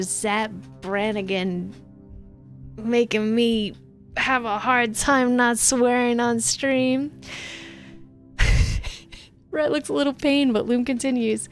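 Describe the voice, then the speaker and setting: A woman streaming a text game, reading it aloud with snarky, laughing asides, her voice going hoarse. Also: a little high, fairly even intonation, slow, long pauses, soft background music.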